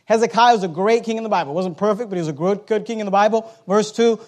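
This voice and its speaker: A man preaching a sermon, reading scripture aloud and swinging from quiet asides to loud, slowed-down emphasis. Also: sits high. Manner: reads King James scripture aloud, slowing for emphasis.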